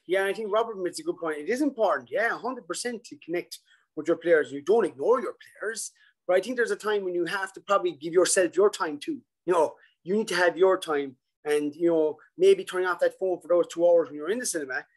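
Animated man presenting a coaching webinar. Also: high voice, fairly quick, low-quality recording. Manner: animated, acts out worried inner thoughts. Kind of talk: casual webinar talk.

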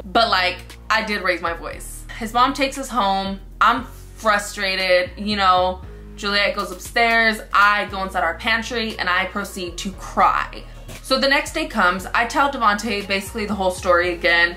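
A young woman vlogger retelling a recent story, animated and acting out each quote. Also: mid-range voice, normal speed, soft background music. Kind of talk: storytime vlog.

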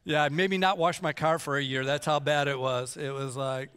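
A man's voice: a little high, normal speed, hardly any pauses, clean tone. A middle-aged man preaching a sermon as pastor, joking and acting out whiny kids between Bible readings. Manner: jokey, animated, acts out kids whining. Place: church sanctuary. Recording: long church hall reverb.

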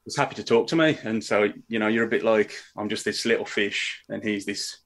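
A man talks easily as a podcast guest, his voice sitting a little low. He tells his stories in a relaxed, chatty way, dropping in "mate" as he goes. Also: brisk. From England. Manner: chatty storyteller, says "mate". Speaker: professional wrestler, guest. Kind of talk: casual podcast interview.

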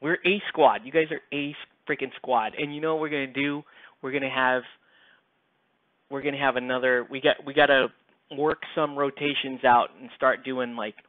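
Here the same kind of scene plays out: a man from the United States talks loosely with his stream audience, cracking jokes and wandering off topic while he paints a miniature. He speaks at a normal pace in a medium pitch with fairly even intonation. It's recorded dry on a close mic, sounding tinny and lo-fi.

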